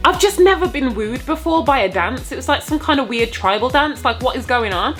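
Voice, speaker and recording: Young woman, storytime vlog, high voice, lively swoops in pitch, jokey, soft music behind. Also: a little fast. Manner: animated, jokey, talks straight to viewers. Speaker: vlogger telling a storytime.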